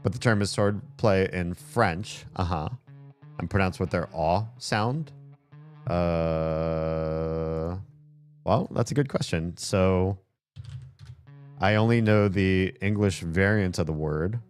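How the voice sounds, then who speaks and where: A man's voice: deep voice, slow, smooth. A man streaming a game, chatting casually and rambling aloud with plenty of fillers, with faint game music behind him. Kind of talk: casual gameplay commentary chat.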